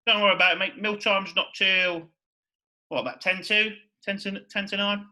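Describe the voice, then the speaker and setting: Brief: male podcast host, high bright voice, fired-up and profane in loose chat. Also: normal speed, poor audio. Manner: excitable, swears a lot, repeats "you know what I mean". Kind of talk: casual chat.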